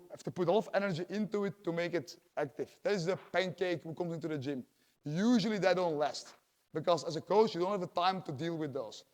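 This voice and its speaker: Chatty jiu-jitsu coach in an echoey hall. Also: male voice, fairly high pitch. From Belgium. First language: Dutch. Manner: talkative, tags lines with "yeah?", acts out quotes. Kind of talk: teaching a class, casual explanation.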